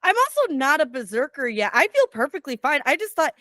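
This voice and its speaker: A woman's voice: high voice, sing-song, fairly quick, sharp tone. A woman playing a tabletop game, chatting eagerly out of character. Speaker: player. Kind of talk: casual tabletop game play.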